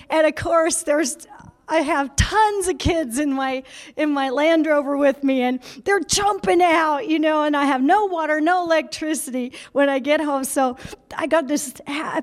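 A woman preaching a sermon in a small room, talking in an emotional, conversational way and often laughing. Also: high voice. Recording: long hall reverb.

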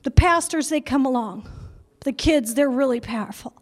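A woman preacher telling a story in a sermon, lively and laughing often, acting out the voices of people she quotes. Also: high-pitched, normal speed. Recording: long hall reverb.

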